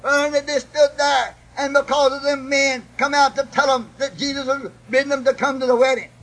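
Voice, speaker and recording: A man preaching a sermon, putting a breathy "uh" between phrases. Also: extremely high pitch, steady tone, normal speed, a bit bright, rough recording. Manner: chanting, with "uh" after each breath and repeated "God bless your heart". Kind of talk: old-time preaching sermon.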